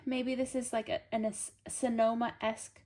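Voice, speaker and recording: A woman's voice: fairly high pitch, level tone, measured pace, darkish tone. A woman giving a casual tarot reading. She reads card meanings aloud and then riffs on them, chatting straight to the viewer in an upbeat, coaxing way. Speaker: tarot reader.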